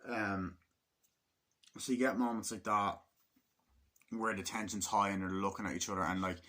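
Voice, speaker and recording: A man's voice: on the low side, steady tone, moderate pace, sharp tone. A man casually reviewing a film in a rambling, filler-heavy way, swearing often and acting out lines from the movie.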